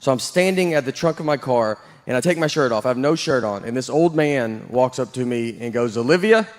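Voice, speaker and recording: A man performing a stand-up comedy set, telling stories in a deadpan, self-deprecating way. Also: mid-range voice, brisk, long reverb tail. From Southern United States.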